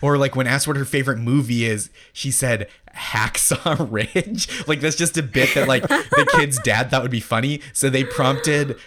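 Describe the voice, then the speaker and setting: A man in his thirties from Massachusetts, a comedian guest, telling anecdotes in a chatty, animated way. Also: medium pitch, fairly quick, few pauses. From Massachusetts, United States. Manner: animated storytelling, heavy use of "like". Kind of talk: casual interview chat.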